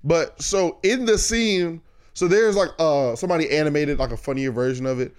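A man's voice: on the high side, moderate pace, smooth. A young man in casual group chat, telling stories animatedly and acting out quoted lines. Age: young adult.

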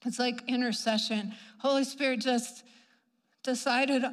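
A woman giving a church testimony as an animated storyteller who acts out the voices she quotes and laughs at herself. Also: high voice, normal speed. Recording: long reverb of a large hall.

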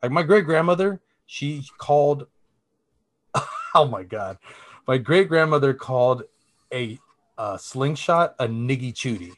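A man's voice: medium pitch, lively intonation, a little slow, long pauses, a bit bright. A young man co-hosting a casual podcast chat, telling long rambling stories with lots of fillers and casual swearing. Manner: rambling storyteller, swears freely, many fillers. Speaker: podcast co-host.

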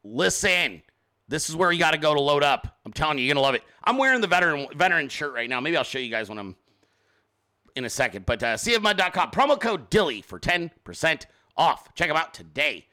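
Male host: bright, tense-edged voice, casual joking rambler who swears freely. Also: fairly high pitch, very animated, a little fast. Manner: reads sponsor ads informally. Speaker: show host. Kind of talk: casual live-stream commentary.

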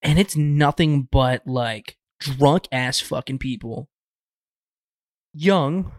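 A man's voice: mid-range voice, takes it slowly, dry recording, studio quality. A young man co-hosting a casual podcast who jokes around, swears freely and tells his own side stories. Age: young adult. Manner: joking, swears casually, chimes in. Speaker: co-host.

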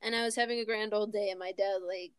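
A woman's voice: medium pitch, steady tone, fast, smooth, no room sound. A young woman co-hosting a casual podcast, telling stories with frequent giggles, dry close sound. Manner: giggly, storytelling. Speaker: podcast co-host. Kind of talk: casual chat.

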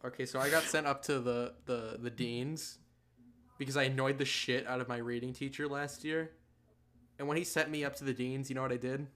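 A young man in his late teens co-hosting a podcast, telling rambling, profane stories in casual chat with loud bursts of laughter. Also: medium pitch, steady tone, brisk. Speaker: podcast co-host.

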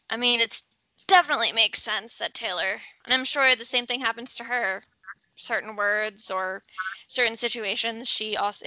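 A woman's voice: on the high side, sharp tone, dry recording. A woman podcast co-host chatting casually in an easygoing way. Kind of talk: casual chat.

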